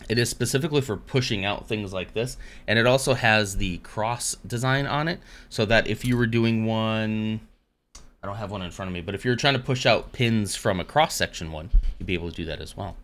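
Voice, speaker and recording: A man's voice: lowish voice, a little fast, a bit bright. A man hosting a casual live stream, rambling along between dad jokes. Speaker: livestream host.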